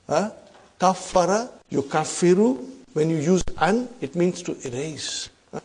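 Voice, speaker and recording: A man teaching Arabic grammar in a classroom lecture, emphatic, often checking in with the class and reciting verses quickly. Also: a little high, animated, a little mellow, breathy edge. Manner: emphatic, keeps asking "huh?" to check the class.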